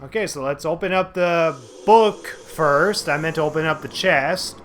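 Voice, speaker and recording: A man's voice: fairly high pitch, measured pace, fairly bright tone, slight background noise. A man giving casual, rambling commentary over a video game he is playing at home, with lots of fillers and restarts. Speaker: let's play host.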